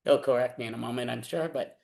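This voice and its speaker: A man's voice: mid-range voice, fast talker, creaky, a little mellow. A man hosting an online comedy show over a video call, easygoing and chatty. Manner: easygoing, chatty, laughs often. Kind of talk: casual interview chat.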